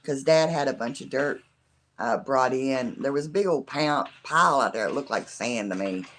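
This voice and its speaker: Hoarse middle-aged streamer with a scratchy, gravelly voice; loose, rambling chat full of fillers, over faint background noise. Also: medium pitch, animated, moderate pace, a bit bright. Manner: rambling, chatty, many fillers like "you know". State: hoarse from laughing. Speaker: live stream host. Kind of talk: casual live stream chat with viewers.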